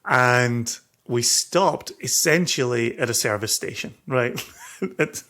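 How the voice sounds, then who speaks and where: A man co-hosting a casual podcast, his mid-pitched voice full of gravelly fry. He reminisces in an easy way, teasing his co-host and chuckling as he goes. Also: slow pace, bright, forceful tone.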